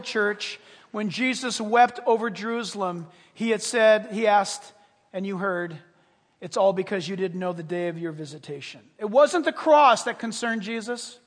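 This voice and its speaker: A male pastor delivering a sermon with a husky, fairly high voice. He preaches dramatically, swinging from near-shouts to quiet asides. His voice rings with the long reverb of a large church hall.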